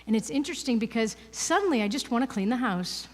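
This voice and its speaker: A woman's voice: fairly high pitch, animated, quick pace. Woman speaking in a reverberant hall. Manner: chatty, peppered with "you know" and "right?". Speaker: guest speaker at a spiritual ministry. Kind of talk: conversational inspirational talk. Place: ministry service hall, indoors.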